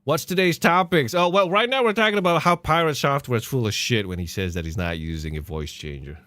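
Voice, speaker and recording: A man's voice: mid-range voice, expressive, a little fast, a bit bright, no room sound. A man hosting a podcast, reacting to clips with mocking laughter and swearing. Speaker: podcast host. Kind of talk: casual commentary on clips.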